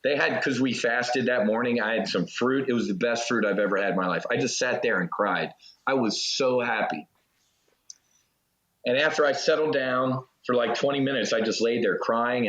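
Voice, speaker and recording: A man, a former Navy fighter pilot, telling a personal story as an interview guest in an earnest, halting way with restarts. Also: medium pitch, a bit bright. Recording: roomy, slightly dull audio.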